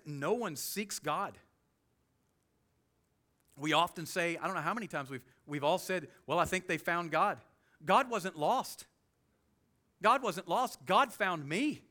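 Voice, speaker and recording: A man with a Southern US accent preaching a sermon as pastor, animated, with quick humorous asides. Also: on the high side. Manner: animated preaching, with sudden loud jokey voices and soft asides.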